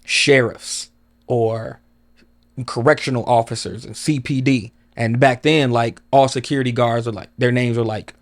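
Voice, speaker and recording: A man's voice: mid-range voice, fairly even intonation, normal speed. A man guest on a podcast, telling stories in a rambling casual way, full of "like" and swearing.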